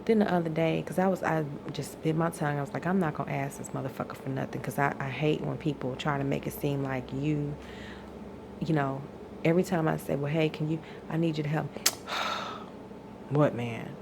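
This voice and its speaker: Woman, low gravelly voice, exasperated venting rant, noisy home recording. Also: steady tone, moderate pace. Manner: venting, exasperated, profane, rising to outbursts. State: tired. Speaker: vlogger venting. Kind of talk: emotional personal rant.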